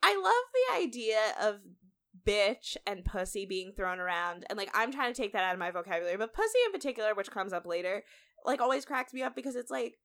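A woman's voice: medium pitch, a little fast. A woman co-hosting a podcast, chatting animatedly with blunt opinions and easy laughter. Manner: animated, laughs easily, makes blunt side points. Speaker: podcast co-host. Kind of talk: casual chat recapping a reality show.

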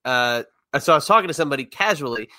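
A man's voice: medium pitch, lively intonation, fast, bright, forceful tone, no room sound, clean studio sound. Joking male podcast co-host. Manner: easygoing, joking, acts out quotes. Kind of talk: casual chat, storytelling.

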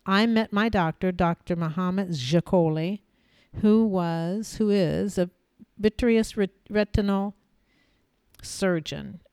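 A woman hosting a podcast, telling a personal story in a measured way, pausing often and repeating phrases for emphasis. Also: medium pitch, a little mellow, clean tone, no room sound. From United States. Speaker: podcast host.

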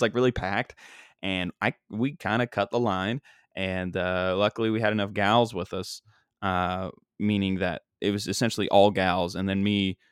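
Lower-voiced rambling young comic host. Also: male voice, smooth, dry recording, studio quality. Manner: rambling, many fillers and restarts. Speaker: podcast host and stand-up comic. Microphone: single microphone.

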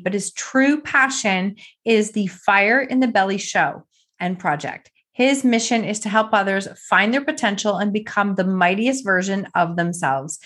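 A woman's voice: medium pitch, a bit bright. A woman hosting a podcast interview as a business coach, talking with effusive enthusiasm.

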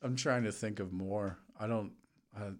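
Podcast co-host, man, low-ish voice, sarcastic and profane, laughs easily. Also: fairly even intonation, normal speed. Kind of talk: casual chat.

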